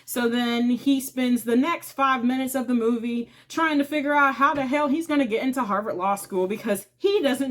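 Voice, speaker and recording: A woman's voice: fairly high pitch, a bit bright. A woman hosting her own channel, casually retelling a film's plot in a chatty, informal way. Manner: chatty, informal, retells scenes by acting out lines. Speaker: movie reviewer and channel host. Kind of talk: casual movie recap.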